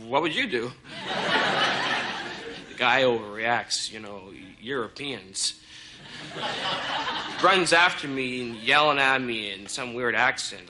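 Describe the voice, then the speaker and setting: An actor playing a smug, deadpan, ignorant male tourist doing a stand-up monologue. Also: medium pitch, heavy background noise, natural voice.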